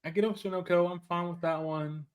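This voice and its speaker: A man's voice: sits high, steady tone, brisk, clean tone. A man co-hosting a casual anime podcast, talking emphatically and repeating himself as he argues his points. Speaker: podcast co-host.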